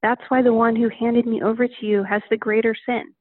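A woman voicing a calm, earnest man on trial in a Bible reading. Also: on the high side, fairly quick, no room sound, lightly acted. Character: calm male teacher on trial. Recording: tinny phone-like line.

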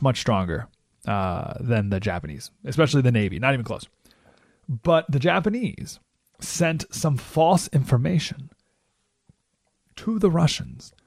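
A man hosts a political talk radio show, telling a story animatedly into a studio microphone and frequently asking "right?" His voice is mid-range, and there is no room sound.

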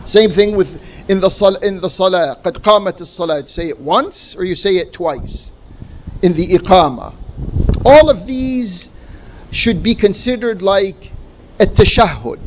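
A man's voice: high voice, dull audio. A man giving a religious lecture, emphatic and full of rhetorical questions. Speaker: Islamic lecturer.

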